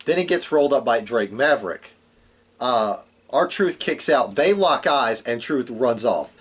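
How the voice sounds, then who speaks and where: A man's voice: medium pitch, lively intonation, measured pace, breathy edge. A man co-hosting a podcast, casually recapping a wrestling show with lots of ums and uhs. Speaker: podcast co-host.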